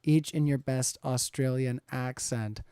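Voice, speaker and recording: A man's voice: medium pitch, steady tone, unhurried, dark tone, clear, resonant tone, no echo, studio quality. A man in his thirties moderating a live-streamed debate, reading viewer questions in an easygoing, rambling way. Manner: easygoing, rambling, chuckles often.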